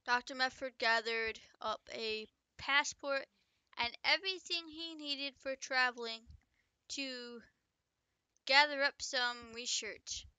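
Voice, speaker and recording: Chatty woman reading her own story, bright smooth voice, dry close mic. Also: high-pitched, takes it slowly, no room sound. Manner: chatty, breaks off to joke and comment. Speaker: author reading own book. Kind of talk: casual story reading with asides.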